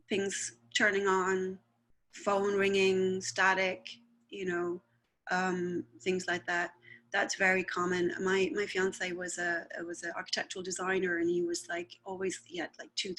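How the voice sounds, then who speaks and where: A woman's voice: mid-range voice, sharp tone. Chatty woman spiritualist medium. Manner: chatty, rambling, often asks "right?". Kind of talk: conversational talk.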